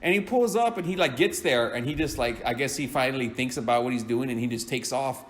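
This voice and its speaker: A man's voice: mid-range voice, fast talker. A man telling a story in a casual, rambling way, swearing and laughing often.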